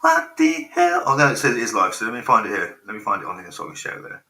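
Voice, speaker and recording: A man's voice: on the low side, racing, bright, forceful tone. A man in his forties hosting a rambling live stream, swearing freely and getting sidetracked by technical trouble. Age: 40s. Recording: roomy echo.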